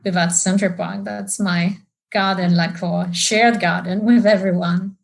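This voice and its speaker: A woman's voice: on the low side, steady tone, measured pace, creaky, rough recording. Woman, French accent, native French speaker, podcast guest, casual and chatty, many fillers. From France. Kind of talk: podcast interview.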